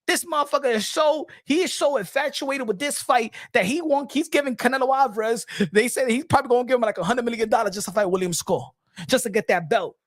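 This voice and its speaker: A man's voice: very high voice, quick pace, dry recording, studio quality. A man, ranting as a profane, mocking boxing commentator.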